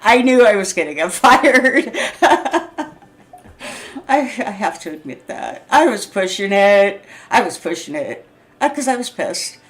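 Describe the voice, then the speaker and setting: A woman's voice: mid-range voice, lively intonation, a little slow, pauses often, a bit bright. An agitated woman in her sixties vents to camera in a rambling monologue. She laughs between thoughts, swears freely, and restarts her sentences as she talks. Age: 60s. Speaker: vlogger. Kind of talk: unscripted venting monologue.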